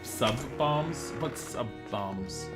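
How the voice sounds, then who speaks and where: A man's voice: medium pitch, expressive, drawn-out words. A man chatting sarcastically through a video game, talking to his chat as he plays. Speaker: streamer. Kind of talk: casual gameplay commentary. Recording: game music behind voice.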